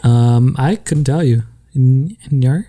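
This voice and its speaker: A man in a casual podcast chat, making offbeat jokes in a flat, dry manner. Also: medium pitch, takes it slowly.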